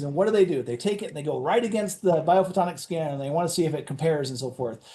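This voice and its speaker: A man's voice: on the high side, warm tone. Enthusiastic man giving a sales talk. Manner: enthusiastic storytelling with acted-out dialogue. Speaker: company executive addressing sales leaders. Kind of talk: motivational presentation.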